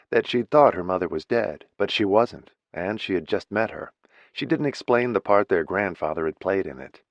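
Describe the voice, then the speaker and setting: An audiobook narrator with a low voice reads a novel aloud in scripted narration, steady and even. The recording is very dry and slightly dull, with no room sound or echo.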